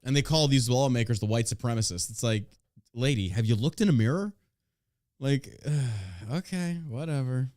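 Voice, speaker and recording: A man hosting a podcast in casual chat, talking in an animated, profane and sarcastic way. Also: medium pitch, moderate pace, no echo, clean studio sound. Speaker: podcast host.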